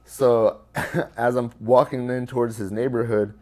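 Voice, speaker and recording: A man's voice: medium pitch, fairly even intonation, measured pace, warm tone. A man being interviewed, telling a personal story in casual, profane talk with lots of fillers. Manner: loose and profane, many fillers. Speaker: interview guest.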